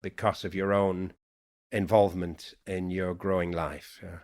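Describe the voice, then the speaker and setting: A middle-aged man with a mixed Yorkshire, Irish and American accent, speaking in an unhurried, thoughtful way as a guest poet in a reflective conversation. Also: deep voice, level tone, darkish tone. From England, Yorkshire.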